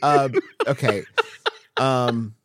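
A man co-hosting a podcast in casual chat, excitable and exasperated, laughing often. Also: mid-range voice, drawn-out words, no echo, studio quality. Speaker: podcast co-host.

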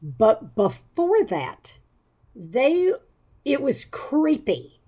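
Brief: woman podcast host, a bit high-voiced, rambling and self-deprecating, laughs easily. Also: sing-song, extremely slow, dark tone. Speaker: parent. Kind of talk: casual podcast chat.

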